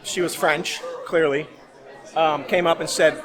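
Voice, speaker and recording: A man's voice: a little high, steady tone, measured pace, a crowd in the background. A man hosting a casual theme park food vlog, chatty and laughing often as he talks. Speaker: vlog host. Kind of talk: casual food review chat.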